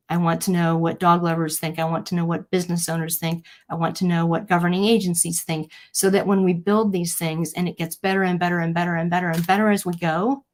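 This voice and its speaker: A woman with a slightly low voice hosts a live-streamed talk, speaking to her viewers in an earnest, personal way. She tells stories and acts out what people said with lively quoted voices. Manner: earnest, storytelling, animated quotes. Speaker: host.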